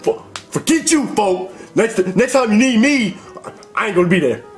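A man voicing Black Yoshi, slangy high-pitched gamer. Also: sing-song, normal speed, faint music behind. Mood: pleading. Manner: slangy, keeps saying "folk", whiny pleading.

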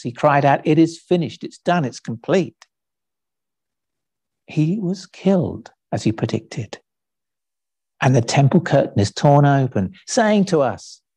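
A man preaching a sermon, speaking slowly and deliberately, lifting his voice for quoted lines. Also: medium pitch, dark tone, dry recording. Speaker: pastor. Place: church.

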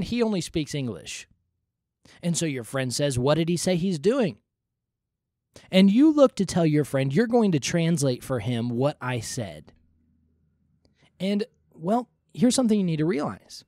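A man's voice: on the high side, a little mellow, no echo, studio quality. Earnest man explaining Bible teaching. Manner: earnest, repeats points for emphasis. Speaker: podcast host.

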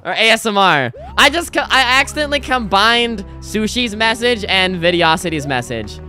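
A woman's voice: mid-range voice, sing-song, moderate pace, pushed and bright, faint music behind. A young woman streaming a video game, chatting casually and rambling with frequent restarts. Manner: rambling, self-interrupting, chatty. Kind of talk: casual gameplay commentary.

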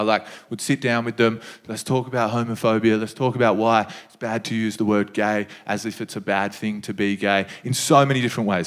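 A young man on a comedy stage, telling stories in an easy, laid-back way. His voice sits in a middle range, and he breaks into livelier asides as the stories go on. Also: medium pitch. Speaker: stand-up comedian. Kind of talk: stand-up storytelling. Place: comedy stage before a live audience.

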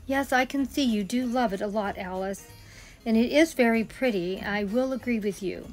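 An older woman playing a nervous grandmother, speaking in a hesitant, quiet way. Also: a little high, normal speed, soft background music, lightly acted. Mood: timid. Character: timid grandmother, nervous and easily scared.

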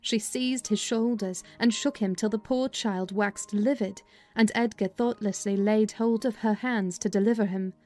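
A woman's voice: mid-range voice, soft background music. Woman reading a classic novel aloud. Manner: measured, expressive storytelling. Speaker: narrator, audiobook reader. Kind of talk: dramatized audiobook reading.

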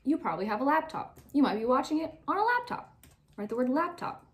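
A young woman teacher giving a recorded spelling lesson to young pupils, spelling words out slowly letter by letter and encouraging them. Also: high voice, big pitch swings.

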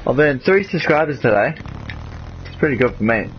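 A young man, commentating his gameplay and swearing, excitable and repeating himself. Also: medium pitch, normal speed, pauses often, highs cut off, noisy background. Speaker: gamer.

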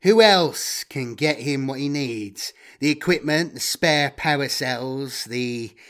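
A man's voice: mid-range voice, slow, a bit bright. A man playing a greedy, sardonic human data trader in an audio story. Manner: wheedling, sardonic.

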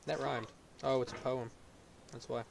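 A man playing a game on a video, commenting as he goes and yelling in frustration when he falls. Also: medium pitch, little pitch movement, moderate pace, creaky, background noise. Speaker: gaming YouTuber.

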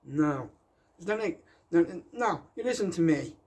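A man's voice: fairly high pitch, expressive, a little slow, a little mellow, husky. A man giving a rambling, defiant public rant, emphatic and repeating himself.

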